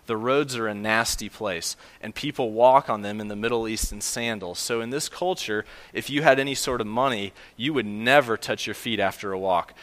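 Man, sermon, bright forceful voice, earnest, emphatic, restarts. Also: medium pitch, big-room sound. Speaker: pastor.

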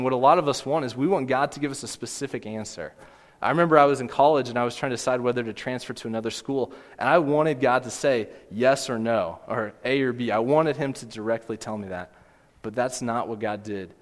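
Man, pastor giving a sermon, earnest gentle delivery, mid-pitched voice, long hall reverb. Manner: earnest, gentle preaching with emphatic rises.

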